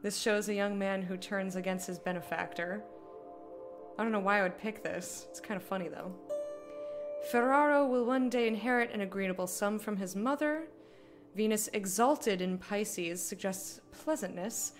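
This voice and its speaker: A woman's voice: mid-range voice, moderate pace, over music. A young adult woman streaming a game, chatting, joking and reading the game text aloud. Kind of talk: casual live-stream commentary.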